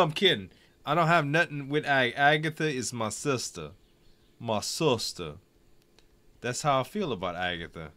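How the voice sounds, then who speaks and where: A man's voice: medium pitch, animated, normal speed, sharp tone. A tipsy man chatting and joking while streaming a game. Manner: rambling, joking, playful. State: tipsy from wine. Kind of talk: casual gaming chat.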